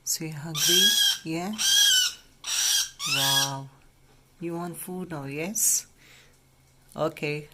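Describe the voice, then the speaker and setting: A man, a bird rescuer, speaking softly and soothingly to an injured baby bird while explaining its care. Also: on the high side, fairly even intonation, drawn-out words, long pauses. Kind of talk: casual vlog narration. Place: at home, indoors. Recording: noisy home recording.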